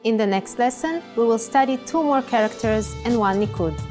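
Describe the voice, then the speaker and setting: A woman presenting a scripted language lesson, pronouncing words clearly and carefully. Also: a little high, normal speed, darkish tone, faint music behind. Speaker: language teacher.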